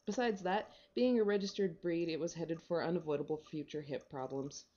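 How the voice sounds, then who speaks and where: Casting: a woman reading aloud, low mellow voice, wry delivery, dull lo-fi home recording. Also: a little fast. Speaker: reader. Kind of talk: reading a short story aloud.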